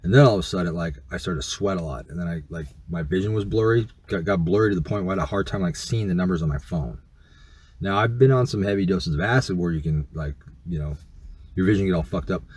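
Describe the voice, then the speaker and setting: Brief: fast-talking middle-aged man, low husky voice, profane rambling storyteller. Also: a little mellow. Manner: rambling, profane, many fillers. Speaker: YouTuber. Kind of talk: casual storytelling.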